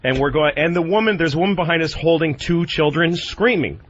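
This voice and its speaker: A man telling a profane, animated story on a talk radio show, acting out the voices of the people in it. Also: on the high side, fast. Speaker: guest comedian. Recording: dull radio broadcast with faint noise.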